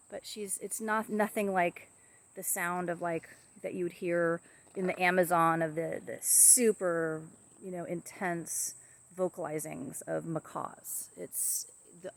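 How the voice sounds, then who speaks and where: A woman casually talking to camera about her pet parrot, rambling softly with many fillers and restarts. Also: on the low side, fairly even intonation, unhurried, gravelly.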